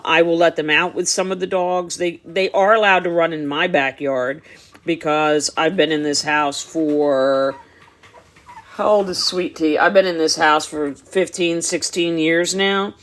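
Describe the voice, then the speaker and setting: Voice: medium pitch, measured pace, fairly bright tone. A dog breeder talks casually through a live stream. The speech is chatty and loose, and it explains things at length. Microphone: phone or device on a live stream.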